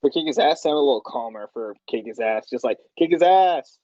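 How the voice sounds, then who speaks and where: A man's voice: mid-range voice, fast talker, darkish tone, dry recording. Rambling man directing over a dull line. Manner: rambling, laughing as he explains scenes. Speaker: machinima director and writer. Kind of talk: casual directing chat.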